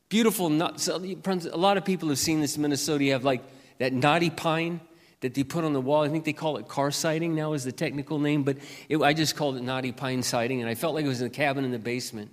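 A man preaching as a pastor, telling a personal story in an earnest way, then reading scripture slowly and loudly. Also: a little high, fairly even intonation, in a large hall.

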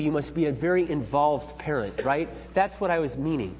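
A man's voice: fairly high pitch, expressive, moderate pace, few pauses, slightly rough, in a large hall, highs cut off. A middle-aged man giving an earnest, emphatic, preachy talk on parenting, told through personal stories. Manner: earnest, emphatic, building to forceful points. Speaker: parenting speaker.

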